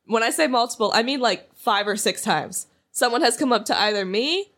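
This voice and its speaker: A young woman in casual podcast chat, her voice pitched a little high. She tells stories in a rambling way, full of fillers and restarts, and giggles through them. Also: lively intonation, fairly quick, a bit bright. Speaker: podcast co-host.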